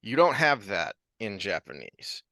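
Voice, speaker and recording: A man's voice: lowish voice, big pitch swings, measured pace, bright, forceful tone, dry recording. A man co-hosting a casual book podcast, rambling with frequent restarts and easy laughter. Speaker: podcast co-host.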